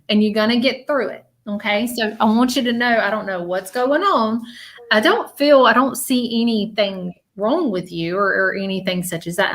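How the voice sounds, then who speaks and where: Halting woman giving a psychic reading. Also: mid-range voice, fairly bright tone. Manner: halting, repeats words, many fillers and restarts. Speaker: psychic medium.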